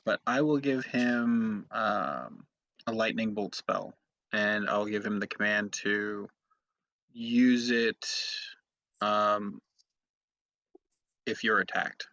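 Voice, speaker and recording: A man's voice: fairly low pitch, slow, long pauses, sharp tone, no echo, highs cut off. A man playing in a tabletop game, easygoing and a bit hesitant. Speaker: player. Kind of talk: casual game chat.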